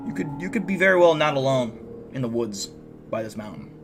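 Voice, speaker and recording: Heavy noise surrounds a very animated, somewhat fast man's voice at medium pitch. Despite the energy, he's a fatigued young streamer who yawns, swears, and meanders through chat replies, restarting constantly.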